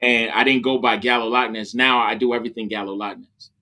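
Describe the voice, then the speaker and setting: A man with a bright, forward voice talks in a relaxed podcast chat about his music work. He is animated and keeps checking in with "you know what I'm saying". His pitch sits in a middle range. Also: a little fast. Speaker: rapper and music licensing artist. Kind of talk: casual podcast conversation.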